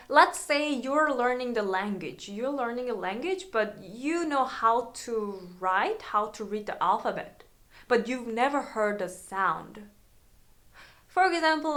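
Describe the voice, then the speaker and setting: Bright-voiced woman teaching in a slow chat. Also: on the high side. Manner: chatty, halting, with many fillers and restarts. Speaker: violin teacher. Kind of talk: casual video lesson.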